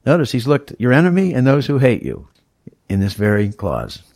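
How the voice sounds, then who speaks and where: A man's voice: mid-range voice, wildly swooping pitch, brisk, creaky, a little mellow, no echo, clean studio sound. A male pastor preaching a sermon, teaching verse by verse in an emphatic, explaining way. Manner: teacherly, emphatic, walks through scripture verse by verse.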